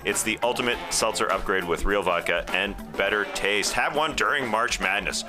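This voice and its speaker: Man, lowish voice, lively ad read, upbeat playful pitch, music playing behind. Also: moderate pace. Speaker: podcast co-host reading an ad. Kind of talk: host-read ad.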